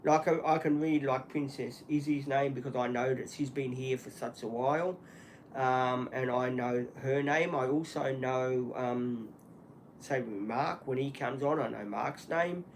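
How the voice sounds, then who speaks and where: A man hosting a solo livestream, talking earnestly and apologetically in halting speech with many restarts and fillers. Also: mid-range voice, fairly even intonation, a little hiss or hum. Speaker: channel host.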